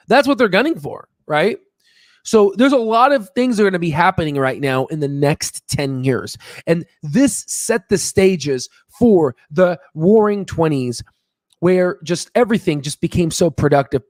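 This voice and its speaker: A man giving casual, excitable stock market commentary while sharing his screen, emphatic and swearing now and then. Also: fairly high pitch, no room sound, studio quality.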